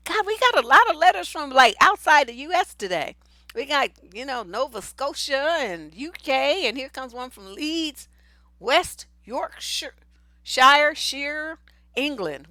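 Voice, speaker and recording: Blunt, high-voiced woman advice host. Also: sharp tone, no echo. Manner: blunt, profane and emphatic. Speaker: relationship coach and host. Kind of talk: livestream advice show.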